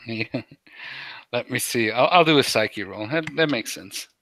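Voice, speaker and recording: Bright easygoing young male game master. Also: mid-range voice, lively intonation, measured pace. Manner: casual, easygoing, laughs often. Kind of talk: running a tabletop game.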